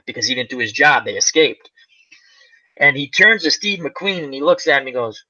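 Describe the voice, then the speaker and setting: A man's voice: mid-range voice, animated, normal speed, sharp tone. A man hosting a casual chat, rambling through a movie plot and acting out its lines. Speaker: channel host. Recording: dull lo-fi sound.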